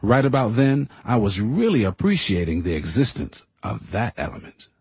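Husky guy reading his own story out loud, earnest and thoughtful, bone-dry close mic. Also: on the low side, big pitch swings, moderate pace, no echo. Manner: reflective, earnest. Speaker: narrator. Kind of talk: first-person audiobook narration.

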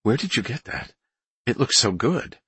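A man's voice: medium pitch, very animated, normal speed, sharp tone, slightly rough, no echo, voice pushed up, exaggerated voice. A man voicing an envious, food-loving woman nurse with a thick Boston accent in an audiobook.

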